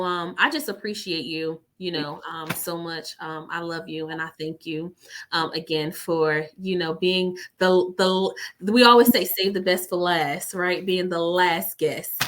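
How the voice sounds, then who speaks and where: A woman hosting a podcast in casual, effusive chat, warm with thanks and full of "y'all". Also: on the low side, steady tone, a little slow, a little hiss or hum. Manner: effusive and emotional, says "y'all" a lot. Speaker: podcast host.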